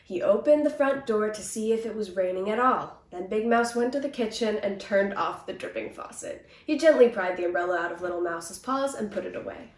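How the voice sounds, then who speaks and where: A woman actor reading a children's picture book aloud with gentle, expressive storytelling. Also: medium pitch, normal speed. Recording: roomy, distant mic.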